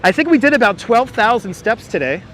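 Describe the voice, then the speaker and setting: A man's voice: extremely high pitch, very animated, brisk, a bit bright, faint music behind. A man hosting a walking-tour livestream, chatting casually and joking with viewers, often laughing, on a clip-on mic outdoors. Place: outdoors on city streets. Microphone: wireless clip-on mic. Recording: faint city street noise.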